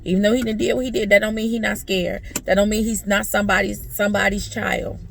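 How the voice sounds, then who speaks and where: A woman's voice: mid-range voice, fairly even intonation, fast, creaky, a bit bright, slight background noise. A middle-aged woman talking as a mother in an emotional personal vlog, earnest and preachy, restarting and repeating herself often, speaking from a parked car. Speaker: vlogger and mother.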